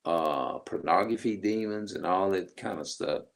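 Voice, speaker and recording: A man's voice: low-pitched, a little slow, creaky. A middle-aged man in a rambling, emphatic casual monologue, swearing freely as he vents. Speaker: vlogger.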